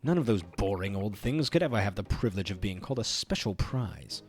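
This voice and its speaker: A man's voice: lowish voice, expressive, a little fast, breathy edge. A man voicing a long-winded, theatrical male game-show villain while reading game dialogue aloud, in a grandiose, teasing announcer manner.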